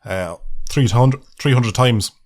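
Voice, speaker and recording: Male vlogger, casual sweary comic rant, average pitch. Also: slow pace. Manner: sweary, mocking, laughs often. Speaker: comedy vlogger. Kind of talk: casual ranting monologue.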